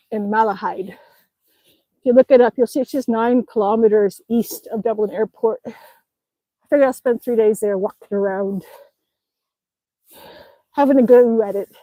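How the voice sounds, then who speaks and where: A chatty woman with a high, bright voice streams live from outside in the snow, reading viewers' comments aloud and laughing often. She sounds a little winded from exercise, and the sound is close and dry. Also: unhurried, pauses often, dry recording, low-quality recording. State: slightly out of breath from exercising outdoors. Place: outdoors in the snow.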